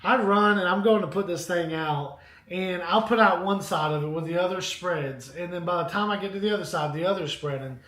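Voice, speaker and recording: A man co-hosting a casual live stream, telling a rambling, animated story with asides to viewers. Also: sits high, a little fast, hardly any pauses. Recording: echoey room.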